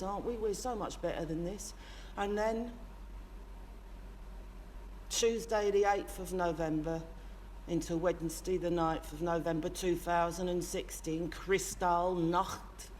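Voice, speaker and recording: A woman's voice: lowish voice, steady tone, a little slow, pauses often, a little mellow, slight background noise, lightly acted. A woman playing a brash, sweary working-class London man in a comic monologue, rambling and impassioned, with a London accent. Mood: impassioned rant. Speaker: character monologist. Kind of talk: comic character monologue to camera.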